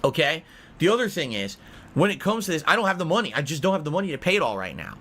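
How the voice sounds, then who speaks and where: A man's voice: fairly high pitch, big pitch swings, quick pace, sharp tone. A man hosting a podcast, ranting angrily about money, swearing and circling back to repeat his points. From United States. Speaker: podcast host. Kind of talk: heated podcast rant.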